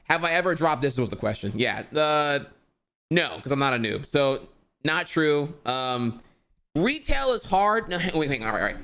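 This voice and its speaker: A man's voice: mid-range voice, animated, moderate pace, pushed and bright, smooth. A young man ranting heatedly to his stream audience, profane and rambling, full of fillers like "dude" and "bro". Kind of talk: casual ranting monologue.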